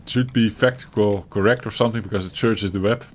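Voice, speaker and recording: Dutch-accented male co-host, slightly low voice, loose rambling chat full of chuckles, typing and noise in the background. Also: fairly even intonation, a little fast. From Netherlands. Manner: rambling and chuckly, with frequent restarts and swearing. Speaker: co-host of a gaming chat show. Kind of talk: casual chat.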